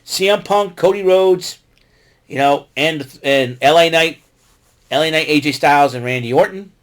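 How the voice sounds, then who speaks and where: A man with a somewhat high voice hosts a casual solo recap of wrestling. He rambles through his notes with fillers and restarts and gets excitable, talking straight back to the wrestlers he describes. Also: moderate pace. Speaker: podcast host recapping wrestling.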